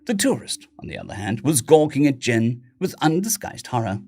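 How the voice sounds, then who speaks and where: A man narrating a science fiction audiobook in a steady, even storytelling voice. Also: medium pitch, moderate pace, creaky. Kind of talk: scripted sci-fi narration.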